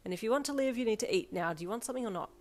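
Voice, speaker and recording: A woman's voice: on the high side, animated, racing, a little mellow, soft background music, voice pushed up, natural voice. A woman voicing a cheeky teenage girl who teases and jokes sarcastically in a fan fiction audiobook. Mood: teasing. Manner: playful sarcastic teasing.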